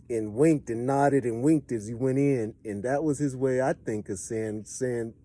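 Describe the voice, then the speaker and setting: A man with a Los Angeles accent telling a street story in a profane, streetwise way, swinging between animated bursts and low, muttered asides. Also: normal speed, hardly any pauses. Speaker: storyteller giving advice. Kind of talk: casual storytelling monologue.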